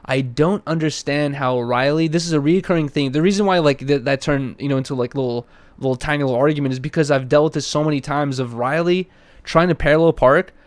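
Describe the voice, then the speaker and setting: A young man co-hosts a relaxed podcast chat, telling animated stories full of slang and acting out what people said. His voice sits a little high for a man. The mic is close and dry, with no room sound. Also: fast talker, dry recording. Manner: animated storytelling, acts out quotes, heavy slang. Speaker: podcast co-host. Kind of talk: casual chat.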